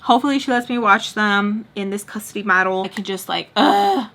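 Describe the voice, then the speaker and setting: A woman's voice: mid-range voice, fast talker, sharp tone. A young woman telling a casual storytime, chatty and full of "like", acting out her own thoughts. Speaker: storytime vlogger.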